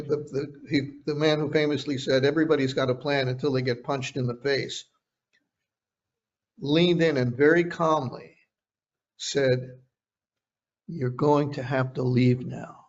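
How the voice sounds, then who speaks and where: A man's voice: on the high side, steady tone, unhurried, long pauses. An older man, a veteran journalist, recounting a story in a casual interview, often restarting his phrases. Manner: conversational, repeats words when restarting. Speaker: retired journalist guest. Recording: dull lo-fi sound.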